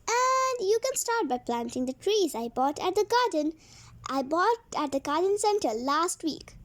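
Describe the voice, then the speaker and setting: Storybook father, bossy and mock-pompous, teasing read by a woman; high, slow lines. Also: very animated, a bit bright, exaggerated voice. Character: stern teasing dad, grown man.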